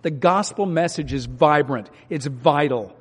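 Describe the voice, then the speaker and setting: A man delivering a sermon in a church, his voice sitting slightly high for a man. He presses forward with urgent, rising appeals and then pulls back to quiet, earnest asides. The sound carries a long reverb from a large sanctuary. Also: unhurried, breathy edge. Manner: preaching with swings from loud urging to quiet. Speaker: pastor.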